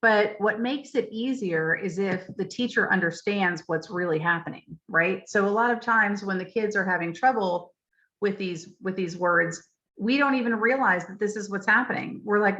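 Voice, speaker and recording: A woman leading a teacher training session over a video call, explaining clearly with frequent ums and saying example phrases aloud. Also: medium pitch, normal speed, fairly bright tone. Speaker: literacy trainer. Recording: dull lo-fi video call audio.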